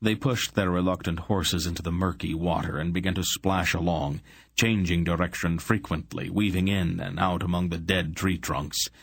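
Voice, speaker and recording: A man narrates an audiobook in a steady, descriptive reading. His voice is deep with a gravelly fry. The sound is dry and close to the mic. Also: moderate pace, no room sound. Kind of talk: scripted narration.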